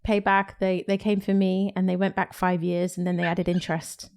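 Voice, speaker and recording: A woman speaking as a podcast guest, chatting casually with plenty of fillers and quick laughs. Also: fairly low pitch, level tone, a little mellow. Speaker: guest, UX director. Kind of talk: casual interview chat.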